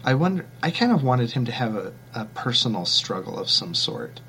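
A man hosting a relaxed book talk, full of restarts and fillers. His voice sits in a middle range, and a faint hum runs under the recording. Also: mid-range voice, normal speed. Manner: chatty, many restarts and fillers, self-deprecating. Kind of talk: casual book discussion.

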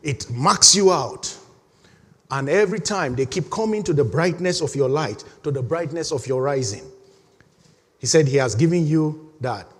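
High-voiced preaching man in a reverberant hall. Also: moderate pace, breathy edge. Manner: animated preaching with call-and-response and laughter. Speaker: pastor. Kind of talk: sermon.

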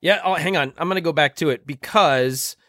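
A man's voice: a little high, fairly quick, pushed and bright. A man co-hosting a casual studio chat show, playful and joking, laughing often. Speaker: podcast co-host.

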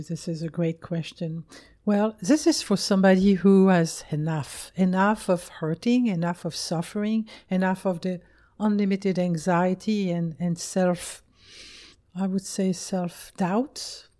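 A woman with a French accent, co-hosting a podcast, speaking softly and earnestly, often repeating her words. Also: fairly low pitch, fairly even intonation, a little slow. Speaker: co-host and healer. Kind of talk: casual podcast conversation.

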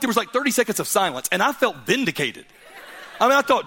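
A middle-aged man preaching a storytelling sermon as a guest preacher. He is animated, moving from loud laughing punchlines to hushed, earnest reflection. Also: very high voice, quick pace, a little hiss or hum.

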